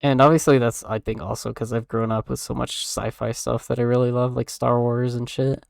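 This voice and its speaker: A man's voice: mid-range voice, flat delivery, brisk, creaky, dry recording, studio quality. A young man streamer chatting in a casual, rambling way, full of "like" and "um" fillers and offhand swearing.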